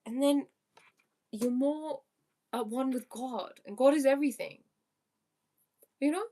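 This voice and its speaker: A woman's voice: high voice, unhurried, dark tone. A young woman working as a life coach, reading viewer questions aloud and answering them earnestly on a live stream. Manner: spiritual, earnest, prone to laughing.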